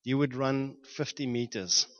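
A man from Johannesburg, preaching a storytelling sermon and acting out shouts and sound effects with frequent laughter. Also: medium pitch, unhurried, dull audio. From South Africa, Johannesburg.

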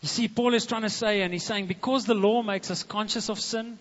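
A man, a pastor preaching a sermon in a church, animated and speaking straight to the congregation. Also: high voice, a little fast. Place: church hall. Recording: dull muffled echoing hall recording.

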